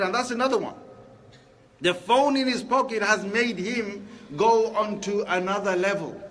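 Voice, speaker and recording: Male preacher, high voice, chatty sermon full of rhetorical questions, faint room hum. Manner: lively and conversational, asking the crowd rhetorical questions. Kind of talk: Friday sermon.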